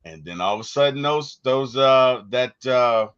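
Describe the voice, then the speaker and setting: A man co-hosting a casual movie discussion, telling stories with animated energy and acting out quotes. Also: medium pitch, measured pace, clear, resonant tone, dull audio. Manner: animated storyteller, acts out quotes. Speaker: podcast co-host.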